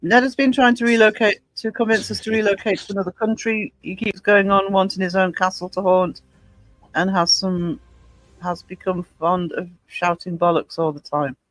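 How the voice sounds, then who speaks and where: A woman from Northumberland with a soft Northumbrian English accent, chatting casually as a podcast co-host, blunt and quick to swear. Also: medium pitch, steady tone, dry recording, rough recording. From Northumberland, England. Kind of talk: casual chat.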